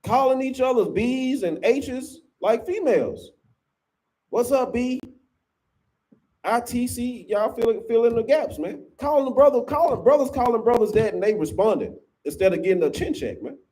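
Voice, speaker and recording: A man's voice: extremely high pitch, expressive, moderate pace, mellow. A man teaching scripture to a class in an emphatic, preachy way, often ending lines with "man".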